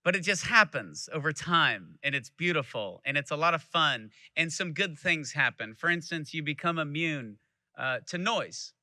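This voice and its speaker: At a moderate pace, a man from Texas in his thirties gives a keynote speech, performing the lines of people in his family tales for the live audience. His voice is a little high, animated, bright and forceful, with no room sound.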